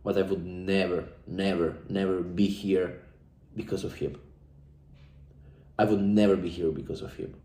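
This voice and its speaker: Young man, dark mellow tone, fervent repetitive testimonial, echoey room. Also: low-pitched, steady tone, measured pace, long pauses, slight background noise. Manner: intense, profane, repetitive, speaks from the heart. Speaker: coaching client giving a testimonial. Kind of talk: emotional motivational testimonial.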